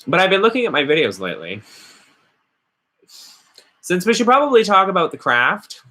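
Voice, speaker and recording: Sarcastic, animated man ranting. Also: sits high, moderate pace. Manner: sarcastic, rambling. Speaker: witchcraft vlogger. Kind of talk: casual ranting vlog.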